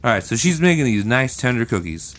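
A man's voice: mid-range voice, sing-song, fairly quick. A man co-hosting a comedy podcast, telling an improvised story in a rambling, giggly, slangy way. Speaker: podcast co-host.

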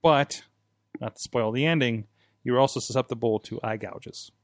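A male podcast host in a studio, telling match stories in a casual, animated way and laughing as he goes. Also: medium pitch, normal speed, no room sound. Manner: animated storyteller, laughs while recounting. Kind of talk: casual chat.

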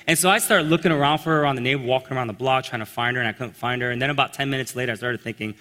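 A man telling a personal story in a sermon, animated and acting out the voices of the people in it. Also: mid-range voice, racing, hardly any pauses. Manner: animated storyteller, acts out quotes. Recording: long reverb in a large hall.

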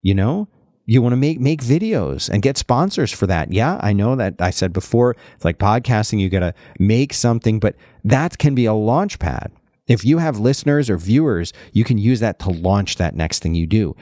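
A man hosting a podcast, chatting casually in an animated way and often restarting his sentences. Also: fairly low pitch, normal speed, dry recording, studio quality. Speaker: podcast host.

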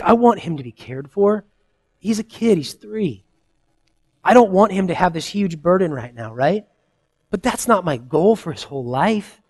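A man in his thirties preaching a sermon, earnest and conversational, swinging between loud emphasis and soft, quiet asides. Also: sits high. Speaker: pastor.

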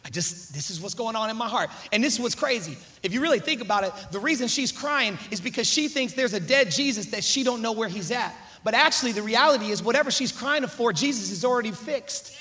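A male pastor with a very high, bright voice preaches in a church. He calls out to the congregation and swings between soft asides and loud, emphatic shouts. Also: animated, fast talker, few pauses. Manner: emphatic, call-and-response, swings from quiet to shouting. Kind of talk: sermon. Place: church sanctuary.

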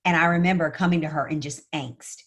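Podcast guest: a woman with a slightly low voice, earnest and animated in sharing her own story. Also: a little fast. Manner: earnest, animated, often addressing the host by name. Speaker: podcast guest, sales coach. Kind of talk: personal storytelling in conversation.

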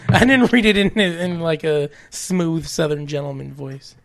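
A man's voice: fairly high pitch, lively intonation, a little slow, a little hiss or hum. A man co-hosting a casual podcast, reading listener messages aloud in a laid-back, amused way. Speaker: podcast co-host.

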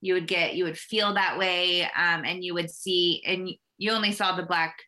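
A woman co-hosting a casual chat, recapping the story and checking details in a measured way. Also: lowish voice, fairly even intonation, sharp tone.

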